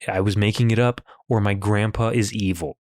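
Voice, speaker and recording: A man's voice: on the low side, fairly even intonation, brisk, a little mellow, no room sound, studio quality. A man co-hosting a comedic podcast, reading listener comments aloud and riffing with frequent laughs and restarts. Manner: laughs often, reads comments aloud and tells stories with restarts. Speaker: podcast co-host. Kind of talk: casual comedic podcast chat.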